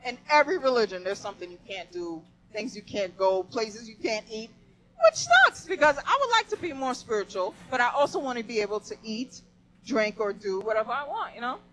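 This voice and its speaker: A young woman doing a stand-up set, with a high voice that swings widely in pitch. She swears freely and keeps breaking into laughter at her own punchlines. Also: big pitch swings, brisk, fairly bright tone, rough recording. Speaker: stand-up comedian. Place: live comedy venue.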